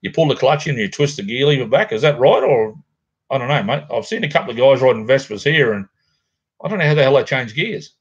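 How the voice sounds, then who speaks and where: A man's voice: mid-range voice, expressive, quick pace, husky, highs cut off. Laid-back Australian man chatting on a livestream. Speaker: livestream host. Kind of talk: casual livestream chat. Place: home, near a garage.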